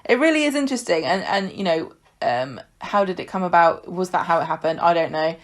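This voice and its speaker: Woman, lowish pitch, chatty, hesitant, laughs a lot. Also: expressive, a little fast. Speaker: podcast co-host. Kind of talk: casual chat.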